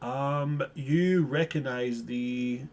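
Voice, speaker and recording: A man narrating as game master of a tabletop game, jokey and quick to laugh while describing scenes. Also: mid-range voice, darkish tone.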